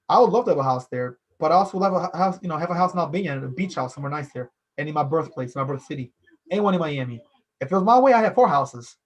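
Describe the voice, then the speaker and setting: A man's voice: fairly high pitch, animated, racing. A man hosting a casual solo podcast, rambling loosely, repeating phrases and filling with "you know". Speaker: podcast host. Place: based in Philadelphia.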